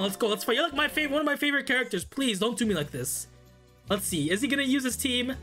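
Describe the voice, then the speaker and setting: A young man records let's-play commentary, swinging his voice up and down as he reacts with exasperation. His tone is bright and forward, and faint music plays behind him from the game. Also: fast. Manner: reacts loudly with exasperated outbursts; reads game text in a flat, lowered voice. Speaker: gaming YouTuber.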